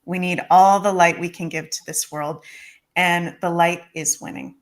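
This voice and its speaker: Woman tarot reader, low voice, emotional and sincere. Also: fairly even intonation, normal speed. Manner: emotional, heartfelt, says "like" often. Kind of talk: livestream talk.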